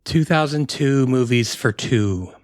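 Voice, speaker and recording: A man co-hosting a casual podcast, joking around and answering trivia in quick, playful banter. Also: mid-range voice, no room sound, soft background music. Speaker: podcast co-host and trivia player.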